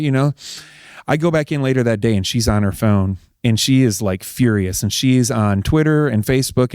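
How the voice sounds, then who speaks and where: A middle-aged man, an interview guest telling a personal story in a casual, animated way and acting out what people said. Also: medium pitch, no echo, studio quality. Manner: animated, acts out quoted dialogue. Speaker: interview guest, husband of a politician.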